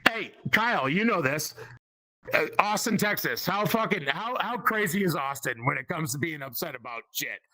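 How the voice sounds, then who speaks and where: A man in his forties from Boston doing loud, profane improvised stand-up from his spare bedroom, teasing the crowd. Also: on the high side, lively intonation, normal speed, rough recording. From Boston, Massachusetts. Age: 40s. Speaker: amateur stand-up comic at a VR community event.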